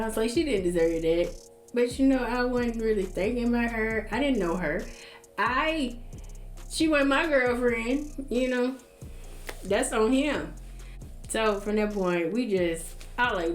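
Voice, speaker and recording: A woman's voice: medium pitch, slow pace, reverberant, faint music behind. A young woman casually telling a personal story to her viewers, blunt and profane, acting out what others said.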